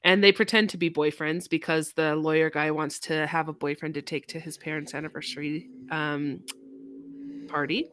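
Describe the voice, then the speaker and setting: A woman's voice: deep voice, level tone, normal speed, a bit bright, no room sound. A woman co-hosting a podcast, recommending a book in casual, rambling chat with many fillers. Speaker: podcast co-host.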